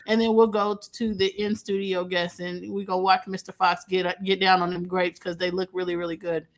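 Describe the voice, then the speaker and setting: A woman hosting a casual talk show, a little hoarse from a cold, chatty and quick to laugh, calling in from outside the studio. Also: lowish voice. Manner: lively, chatty, laughs easily. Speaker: host. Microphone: remote, not in the studio.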